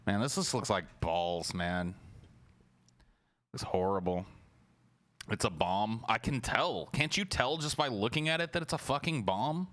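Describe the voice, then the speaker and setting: A man with a lowish voice talks loosely and sarcastically on a livestream. He mocks what he is watching, swears freely, and keeps up a running commentary. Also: unhurried, long pauses, fairly bright tone, no room sound. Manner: sarcastic, mocking, profane; mimics lines in exaggerated high voices. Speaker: livestream host reacting to a trailer.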